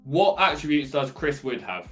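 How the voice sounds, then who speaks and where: A man co-hosting a casual fantasy football podcast, calmly laying out his options one by one with a dry sense of humour. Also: a little high, normal speed, faint music behind. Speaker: podcast co-host.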